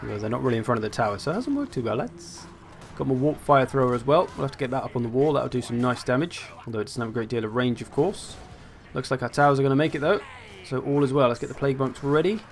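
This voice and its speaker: Young male host, casual game commentary, wry asides, middle pitch. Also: animated, very fast, vocal fry, hardly any pauses, faint music behind. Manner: chatty, wry, thinking aloud. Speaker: gaming channel host.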